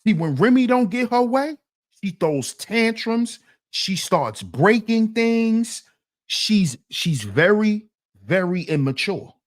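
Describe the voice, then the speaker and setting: A man's voice: high voice, sing-song, takes it slowly. A man hosting a commentary channel, talking in a casual, slang-heavy, emphatic way.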